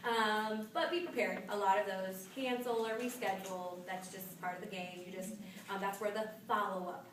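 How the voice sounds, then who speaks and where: A woman's voice: medium pitch, steady tone, moderate pace, few pauses, fairly bright tone. Woman giving a chatty sales training. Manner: chatty, storytelling, upbeat. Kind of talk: live training talk. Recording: echoey room from far off with noise.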